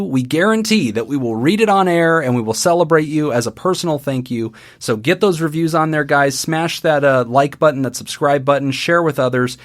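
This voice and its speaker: Middle-aged guy hosting a therapy podcast, jokey, lively pitch all over. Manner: animated, jokey, reads listener reviews. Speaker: podcast host and counselor. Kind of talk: casual podcast chat.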